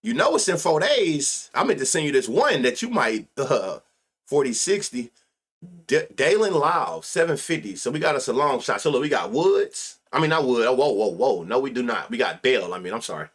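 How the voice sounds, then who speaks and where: A man's voice: medium pitch, big pitch swings, a little fast, fairly bright tone, slightly rough. A man hosting a live sports-betting stream, chatting casually with lots of slang and profanity, laughing often and muttering stats under his breath. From United States. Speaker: sports betting show host.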